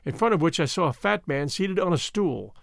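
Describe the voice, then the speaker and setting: A man narrating an adventure novel as an audiobook in an expressive, measured storytelling manner. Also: a little high, creaky, dry recording, clean studio sound.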